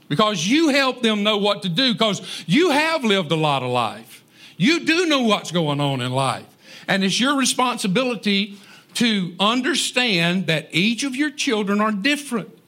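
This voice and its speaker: Preaching a sermon on parenting, a man keeps things folksy and conversational, tossing joking asides to the congregation. His voice is very high-pitched, pushed and bright.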